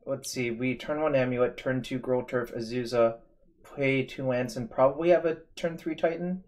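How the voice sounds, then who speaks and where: A man hosts a live card-game stream and talks through his choices as he makes them. He sounds casual and analytical, with a voice of ordinary middle pitch. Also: normal speed, a little mellow. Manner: analytical, thinking aloud. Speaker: streamer host. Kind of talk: casual gaming commentary.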